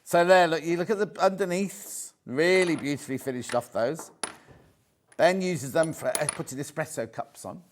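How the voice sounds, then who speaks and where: A man's voice: fairly high pitch, moderate pace, a little hiss or hum. A British man presenting on a live shopping channel, chatty and jokey, repeating prices as he shows products. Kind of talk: live TV sales pitch. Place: TV studio.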